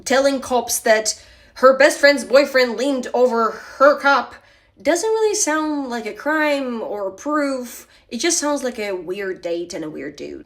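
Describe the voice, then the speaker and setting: A young woman telling a personal story in a casual, candid, confessional way, with lots of filler words. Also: fairly high pitch. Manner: candid, confessional, chatty with many "like"s.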